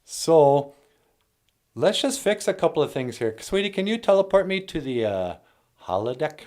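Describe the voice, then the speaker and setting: A man with a higher-pitched, darkish voice hosts a casual language lesson, very animated and at a moderate pace. As teacher and show host, he talks plainly but keeps slipping into jokey, silly asides.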